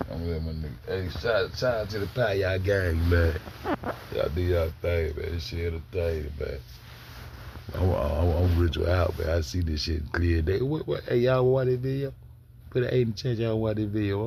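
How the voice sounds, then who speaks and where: A man's voice: sits low, vocal fry, noisy background. A man casually commenting on a video for his live chat, loose and profane, rambling with many restarts. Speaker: streamer reacting to a video.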